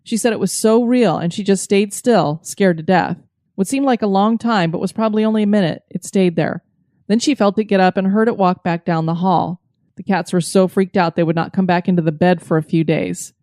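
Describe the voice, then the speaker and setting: A woman co-hosting a podcast, reading stories in a steady, plain manner. Her pitch is in a middle range. The recording is dry and close. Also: a little fast, no room sound. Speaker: podcast co-host. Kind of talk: reading listener stories aloud.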